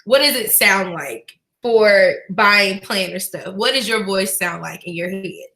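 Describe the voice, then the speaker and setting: A woman's voice: mid-range voice, unhurried, sharp tone. A woman hosting a casual interview chat, asking questions with a laughing, chatty manner. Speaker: host. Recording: echoey room.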